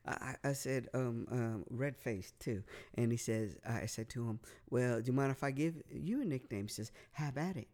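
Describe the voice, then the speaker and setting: A man's voice: mid-range voice, moderate pace, hardly any pauses, a little mellow. A man telling a long story in casual podcast chat, rambling, repeating words, swearing and using lots of fillers. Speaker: podcast guest.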